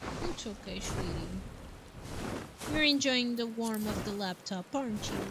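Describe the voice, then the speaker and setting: Woman cooing softly to a pet. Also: mid-range voice, animated, measured pace, heavy background noise. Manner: cooing and gentle. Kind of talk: soft talk to a pet. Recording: game music underneath.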